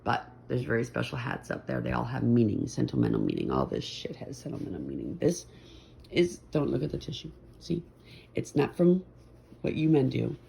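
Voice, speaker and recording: A woman's voice: a bass voice, wildly swooping pitch, normal speed, creaky, dark tone, a little hiss or hum. A middle-aged woman vlogging from her messy bedroom at home in a chatty, meandering, self-deprecating ramble. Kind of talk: rambling casual chat.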